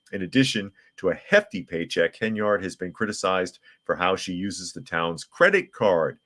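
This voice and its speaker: A man hosts a live news commentary podcast, reading headlines and viewer comments aloud. He drops mocking asides between them. His voice sits very low. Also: fairly bright tone. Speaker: podcast host.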